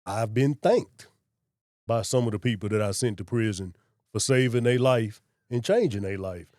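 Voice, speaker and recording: Low-voiced man. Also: normal speed, darkish tone, dry recording, clean studio sound. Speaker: sheriff, guest. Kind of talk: casual interview conversation.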